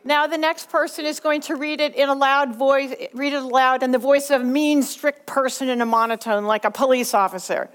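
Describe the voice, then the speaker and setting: Middle-aged woman teacher from Southern California, patient and clear, a bit high-pitched. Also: steady tone, fairly quick, hardly any pauses. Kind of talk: classroom instruction.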